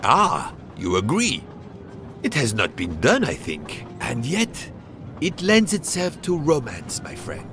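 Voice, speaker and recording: A grandly theatrical railway director. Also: male voice, medium pitch, wildly swooping pitch, slow pace, exaggerated voice. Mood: expansive. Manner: expansive and theatrical. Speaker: character in a video game. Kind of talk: video game voice acting. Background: game music.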